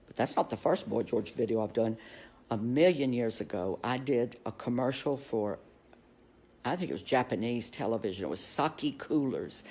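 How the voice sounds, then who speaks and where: Animated older man, flamboyant storyteller. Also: husky. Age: 60s. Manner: animated, flamboyant, with sudden high-pitched exclamations; gossipy anecdotal storytelling. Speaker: actor telling stories to camera. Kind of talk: casual social media monologue.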